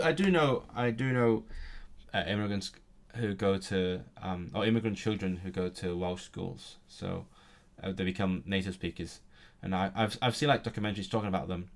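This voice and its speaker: A man in a casual online language lesson, halting and full of restarts as he searches for words, with bursts of excitement about grammar. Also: sits low.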